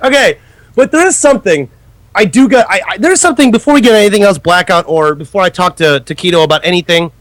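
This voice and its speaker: Animated, high-voiced man swearing. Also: quick pace, no echo. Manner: loud, swearing, animated and laughing. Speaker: podcast co-host. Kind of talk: casual chat.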